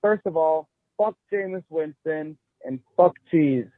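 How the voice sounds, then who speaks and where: A man's voice: fairly high pitch, a little slow. A man calling in to a podcast by voicemail, brash and profane. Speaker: caller. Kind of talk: phoned-in voicemail. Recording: tinny phone line.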